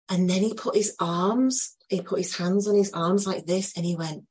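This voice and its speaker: A woman telling an emotional personal story to a group, earnest and full of pauses. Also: medium pitch, darkish tone, husky. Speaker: group participant sharing a story.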